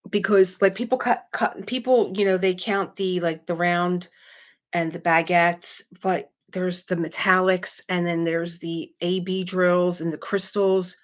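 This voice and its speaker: A middle-aged woman with a slightly low-pitched voice hosts a casual live craft stream. She talks in an animated way, reads viewer comments aloud and laughs often. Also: a little slow.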